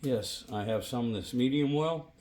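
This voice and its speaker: A man's voice: mid-range voice, measured pace. A man hosting a casual home cooking vlog, chatting and murmuring over the food as he tastes it, recorded on a phone. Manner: relaxed, chatty, savoring food with murmurs and apologies. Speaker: DIY channel host. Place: home kitchen by a woodstove. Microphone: phone camera.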